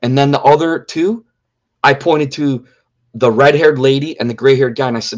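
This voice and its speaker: A man's voice: medium pitch, steady tone, normal speed. A middle-aged man giving an earnest personal testimony in an interview, repeating key phrases for emphasis. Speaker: interview guest.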